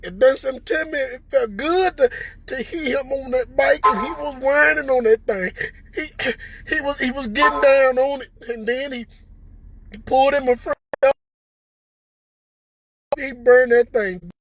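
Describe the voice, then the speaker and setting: A tearful man with a Southern American accent speaks in a strained, unusually high voice, breaking and stumbling over repeated words. His tone is husky and breathy, and the sound is close and dry with no room around it. He talks straight to viewers in a heartfelt personal testimony. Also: a bit bright, no room sound. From Southern United States. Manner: halting, repeats words, stammering. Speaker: recovered patient addressing viewers.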